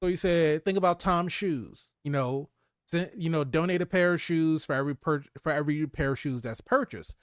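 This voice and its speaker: Guy on a movie podcast acting out scenes, bit high voice, dry close sound. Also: moderate pace, clear, resonant tone, no echo. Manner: animated retelling, acts out character lines, laughs often. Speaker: podcast co-host. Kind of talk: casual movie review chat.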